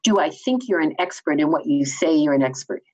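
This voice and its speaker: Woman from Canada, communication trainer type, enthusiastic and a bit loud, slightly dull recording. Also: low voice, fairly quick. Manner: enthusiastic, lively, teacherly. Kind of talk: explaining in a conversational interview.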